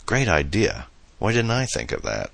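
A man's voice: low voice, wildly swooping pitch, normal speed, vocal fry, fairly bright tone, dry recording, full character voice. A man playing a playful, boastful young man who jokes with his date, in a storybook reading. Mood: joking. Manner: playful, mock-grand.

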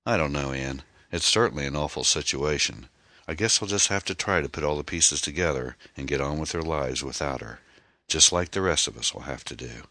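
A man voicing a middle-aged divorced father who talks calmly and soothingly, in an audiobook reading. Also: very deep voice, fairly quick, dry recording, exaggerated voice. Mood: consoling. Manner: calm, soothing, wry.

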